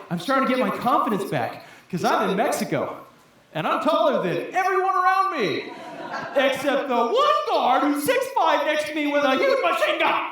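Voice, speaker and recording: A woman telling a comic story on stage, animated and laughing often. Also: high voice. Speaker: storytelling contestant. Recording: echoey hall from a distance.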